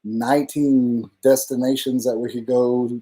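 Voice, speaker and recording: A man's voice: mid-range voice, flat delivery, measured pace, warm tone. A man co-hosting a casual live stream. He rambles loosely through his thoughts, swears freely and keeps an easygoing, unpolished tone. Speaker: livestream co-host.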